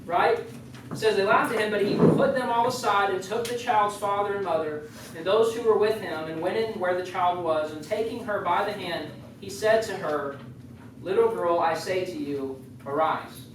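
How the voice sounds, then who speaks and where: A youth leader gives a loose, joking sermon and keeps wandering into chatty asides. The voice sits at a middling pitch and comes from well back from the mic. It rings in a very echoey room over a faint background hiss. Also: normal speed, far from the mic. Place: youth group meeting room.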